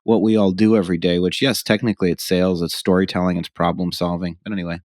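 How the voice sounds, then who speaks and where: A man with a low voice hosts a business podcast in a casual, joking way. He hands out frank advice between teasing remarks. The sound is close and dry. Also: flat delivery, fast talker, a little mellow, no echo. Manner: joking, offers blunt unsolicited advice. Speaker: podcast host.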